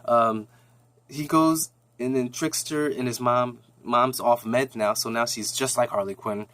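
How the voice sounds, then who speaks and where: A man's voice: medium pitch, steady tone, measured pace, a bit bright. A man casually recapping a TV episode in a rambling, slangy way with lots of restarts.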